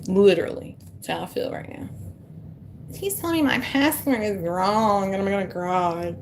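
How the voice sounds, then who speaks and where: A woman's voice: medium pitch, moderate pace, darkish tone, a little hiss or hum. A woman, chatting casually to viewers on a live stream as a tarot reader, talking to herself and joking about her own struggles with technology. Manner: chatty, self-deprecating, talks to herself while fixing tech.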